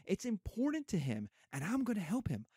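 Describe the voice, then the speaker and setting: A proud, desperate young husband, read aloud by a male teacher, pitched high above the reader's own voice and swinging wildly in tone. The delivery is impassioned and raised, in a close, dry sound. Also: huge pitch swings, a little fast, mellow, slightly rough, dry recording, full character voice. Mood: pleading. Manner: impassioned dramatic reading, raised voice. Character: desperate bitter young Black man, proud.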